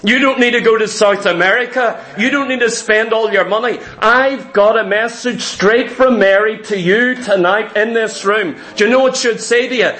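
A man's voice: high voice, normal speed, few pauses, sharp tone. A man preaching a sermon in a church hall, emphatic and repetitive, full of rhetorical questions. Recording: roomy echo.

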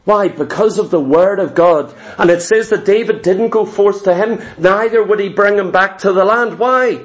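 High-voiced impassioned male preacher. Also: normal speed. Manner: impassioned, dramatic storytelling. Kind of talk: sermon.

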